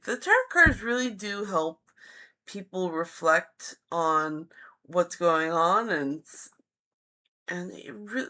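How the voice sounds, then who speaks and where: During a live stream, a female tarot reader takes her time going through messages from the chat, responding warmly to every one. She speaks at a medium pitch with a sharp edge to her tone.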